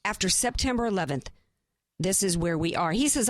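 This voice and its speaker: A woman's voice: medium pitch, expressive, a little fast, no room sound. A woman hosting a talk radio show, delivering an impassioned, emphatic monologue full of rhetorical questions from a studio.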